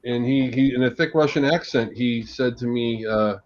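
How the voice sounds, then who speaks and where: A man, a guest agile coach, telling an animated anecdote during a live panel talk. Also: mid-range voice, normal speed. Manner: animated, vivid anecdotal delivery. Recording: dull lo-fi sound.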